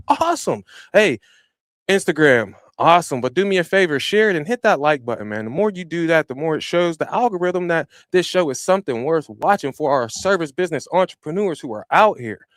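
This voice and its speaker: A man hosting a live podcast, chatting casually and giving energetic, slangy shout-outs to viewers from a home podcast room. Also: on the high side, smooth, no room sound. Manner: slangy and informal. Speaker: podcast host. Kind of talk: live-stream podcast chat.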